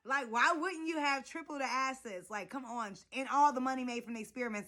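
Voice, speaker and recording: A woman hosting a casual reality show recap, animated and slangy with plenty of profanity. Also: high voice, fairly quick, few pauses.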